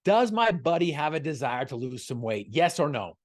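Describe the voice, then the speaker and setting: A man's voice: a little high, sing-song, moderate pace. A man giving a motivational talk over a video call, telling a story and firing off repeated rhetorical questions. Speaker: motivational speaker guest.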